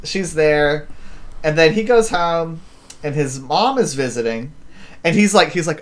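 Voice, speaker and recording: A man's voice: on the high side, lively intonation, unhurried. A man recapping a story in casual chat, rambling with many fillers and acting out quotes. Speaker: podcast host.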